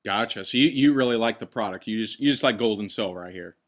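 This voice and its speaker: A man hosting a sales presentation on a call, talking in an upbeat, enthusiastic pitching manner. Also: fast talker. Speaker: host.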